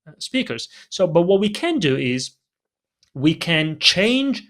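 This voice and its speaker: A man's voice: on the high side, slow. A man with a non-native English accent, a presentation coach answering interview questions on a video call and acting out vocal emphasis as he explains it. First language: not English. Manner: animated, demonstrates vocal emphasis. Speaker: presentation coach, podcast guest.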